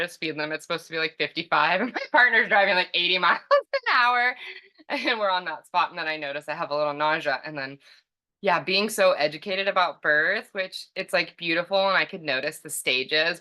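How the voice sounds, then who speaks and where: A woman's voice: low voice, pushed and bright. A young adult woman from California, a podcast guest telling a personal story casually, chatty with many fillers and frequent laughs.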